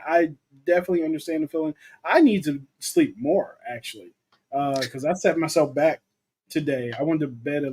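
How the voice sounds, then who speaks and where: A young man co-hosting a casual livestream about movies, chatting loosely and reading viewer comments aloud. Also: fairly high pitch. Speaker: co-host of a movie talk livestream.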